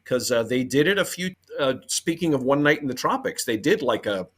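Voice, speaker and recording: A man's voice: mid-range voice, expressive, brisk. A middle-aged man from Boston talking in casual chat on a podcast, telling stories with fillers and easy laughs. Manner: warm storyteller with fillers and laughs. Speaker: podcast guest.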